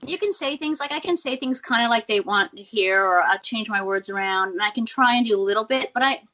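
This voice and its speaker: A woman from California with an American accent, chatting casually as a guest and telling stories with animated detail. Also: on the high side, a little fast. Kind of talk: casual chat. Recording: dull lo-fi audio.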